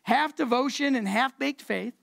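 A gravelly, high-sitting voice at normal speed belongs to a woman preacher giving a relaxed, conversational sermon. She uses slang and repeats words to drive points home.

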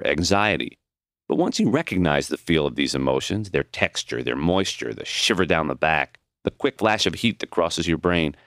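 A man narrating his own audiobook in an expressive, reflective reading. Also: low-pitched, no room sound, clean studio sound.

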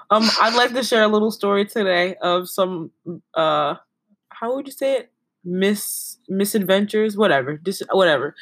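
A woman's voice: medium pitch, dry recording. A young woman, a podcast co-host chatting casually and telling stories, with many giggles and a lot of "like.". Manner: giggly, storytelling with lots of "like". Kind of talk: casual chat.

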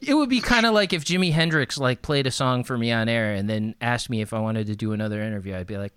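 A man's voice: mid-range voice, animated, fast, hardly any pauses, fairly bright tone, smooth, dry recording, studio quality. A man telling stories in casual conversation, laughing and doing voices of the people in them. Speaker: guest, interviewer and music manager. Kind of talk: casual storytelling.

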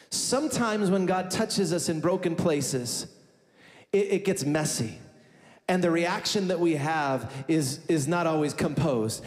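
A man preaching a sermon as pastor, telling a story emphatically and building to fervent declarations. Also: high voice. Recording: echoey hall with soft music.

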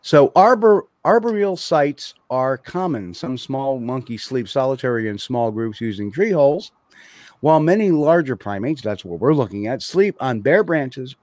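A man's voice: mid-range voice, very animated, moderate pace, a little mellow, no echo. A man hosting a podcast, chatting casually with many restarts and fillers before reading out notes. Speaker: podcast host. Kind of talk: casual chat.

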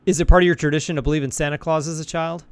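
A man interviewing a band, asking direct, measured questions. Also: fairly high pitch, steady tone, darkish tone, clean tone, dry recording.

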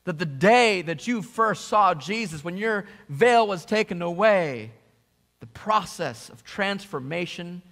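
A pastor in full sermon mode, his voice sitting high for a man. He preaches earnestly, speaking straight to the congregation and building to emphatic peaks. A long reverb from the hall trails after each phrase. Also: a bit bright.

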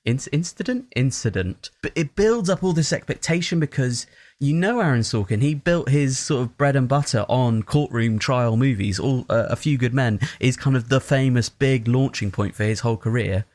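A man who is not American, giving an animated, opinionated film review in casual chat, with many fillers and restarts. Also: medium pitch, normal speed, dry recording.

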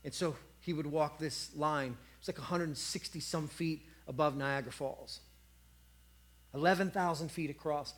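A man's voice: high-pitched, fairly bright tone. A man preaching a sermon, telling a story and acting out the voices of a cheering crowd.

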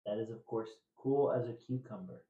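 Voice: mid-range voice, normal speed. A trivia podcast host from Indiana, chatting casually and telling rambling, laughing stories. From Indiana, USA. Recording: dull, roomy, distant mic.

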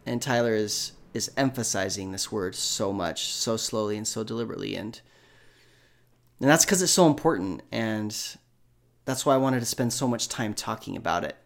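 Quiet reflective guy adding his own take on a bible lesson. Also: fairly low pitch, normal speed, gravelly. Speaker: commentator. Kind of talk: video commentary.

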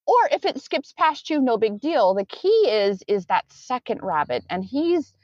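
Her voice sits on the higher side, sing-song and a bit mellow, and she takes her time. She's a client-facing coach in a conversational interview, rambling earnestly and correcting herself as she goes, captured in a dry, dull lo-fi recording.

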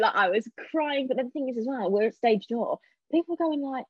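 Animated woman telling stories. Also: fairly high pitch, fast talker, dry recording. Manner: animated storyteller, acting out quotes. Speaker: podcast guest, stage actress. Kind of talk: casual chat. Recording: dull lo-fi sound.

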